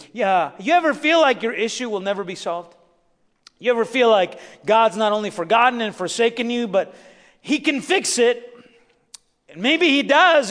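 Guy preaching a sermon, pretty high voice, big echoey hall, soft story then punchy preaching.

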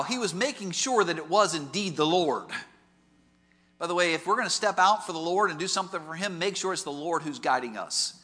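A male pastor preaching a sermon in an auditorium, telling stories with lively rhetorical questions. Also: high-pitched, fairly quick, in a large hall. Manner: animated storytelling with rhetorical questions. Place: large auditorium.

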